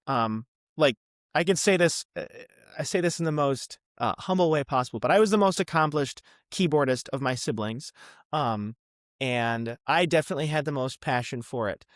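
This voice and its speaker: A young man from the Midwest, a podcast guest chatting casually about his past with lots of ums and quick asides. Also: a little high, lively intonation, no echo, clean studio sound. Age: young adult. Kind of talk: casual interview chat.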